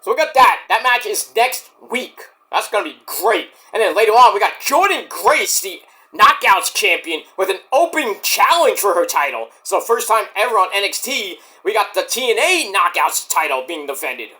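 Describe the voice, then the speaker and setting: A man casually reviewing a wrestling show on his own, animated and excitable, breaking into high-pitched outbursts. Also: normal speed. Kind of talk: casual solo review vlog.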